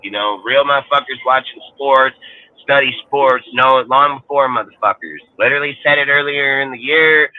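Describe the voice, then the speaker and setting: A man's voice: mid-range voice, normal speed. Heated, cursing man on a tinny line. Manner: profane, heated, rambling. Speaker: sports podcast host. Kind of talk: ranting casual talk. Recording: tinny phone-like sound.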